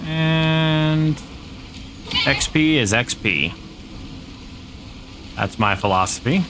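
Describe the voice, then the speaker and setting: A fairly low, expressive male voice moves slowly against a noisy background. He's casually narrating his survival game stream, thinking out loud and shrugging off each setback.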